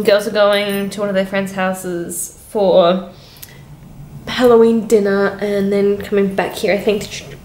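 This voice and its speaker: A young woman talks straight to camera in a casual home vlog, rambling and chatty. Her voice sits at an everyday middle pitch. She speaks in an open, heartfelt way. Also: a little mellow, slight background noise. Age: young adult. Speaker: au pair vlogger. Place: indoors at home.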